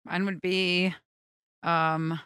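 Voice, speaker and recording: A woman's voice: lowish voice, little pitch movement, drawn-out words, a bit bright, clean tone, no echo, studio quality. A woman co-hosting a radio show, chatting in a playful, giggly way. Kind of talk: casual banter.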